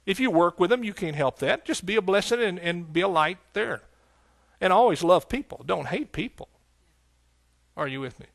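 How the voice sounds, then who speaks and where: A man's voice: sits high, lively intonation, moderate pace, gravelly, fairly bright tone, no echo. A man preaching a sermon to his congregation, folksy and conversational, building up to emphatic passages. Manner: folksy, rising to emphatic preaching with scripture quotes. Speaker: pastor. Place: church sanctuary.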